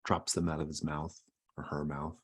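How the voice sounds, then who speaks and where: Deep husky game-master narrator, a man. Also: level tone. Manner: descriptive, unhurried storytelling.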